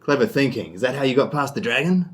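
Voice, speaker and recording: A man voicing a burly, brash father figure who shouts, swears and calls people mate. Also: mid-range voice, animated, fast talker, pitched above the performer's own voice, lightly acted. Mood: gruff, rowdy. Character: gruff burly middle-aged male warrior dad, brash.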